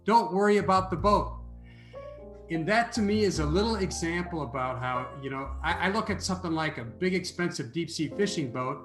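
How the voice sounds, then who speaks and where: A man telling a story as an interview guest, animated and prone to restarting his sentences. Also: fairly high pitch, brisk, hardly any pauses, echoey room, faint music behind. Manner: animated storyteller, repeats words when starting.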